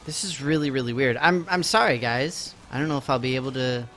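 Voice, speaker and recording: A man's voice: mid-range voice, a little fast, a bit bright. A young man chatting casually to his viewers while playing a game live, joking about himself and his busy day. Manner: chatty, self-mocking, talks to chat while playing. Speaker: game streamer. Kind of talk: casual live-stream chat. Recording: game music playing faintly behind.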